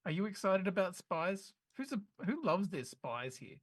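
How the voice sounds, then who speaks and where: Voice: mid-range voice, sing-song, normal speed, slightly rough, no room sound, studio quality. A podcast co-host in casual chat, rambling and jokey.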